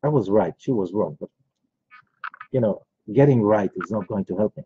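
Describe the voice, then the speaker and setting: Speaking at a moderate pace in a lowish, dark-toned voice, this man is animated as he teaches. He is a rabbi giving a rambling, informal lecture full of personal stories and asides, captured in a dull, lo-fi recording with slight background noise.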